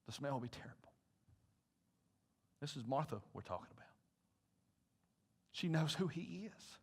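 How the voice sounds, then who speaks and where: A male pastor preaching a sermon to his congregation, dropping to hushed asides and rising to loud, intense appeals while asking the room questions. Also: on the high side, lively intonation, normal speed, breathy edge. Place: church sanctuary.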